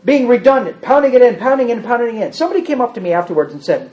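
A male preacher delivers a sermon that builds through repetition. He keeps circling back to one idea and lands it with rising, forceful emphasis. He throws questions out to the congregation, and the recording sounds somewhat dull and muffled. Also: very high-pitched, big pitch swings, very fast, hardly any pauses.

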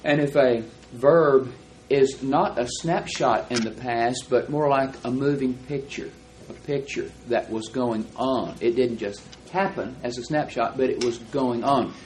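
A man teaching a Bible class, explaining verses and reading them out slowly and deliberately. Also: mid-range voice, a little mellow, a little hiss or hum, low-quality recording.

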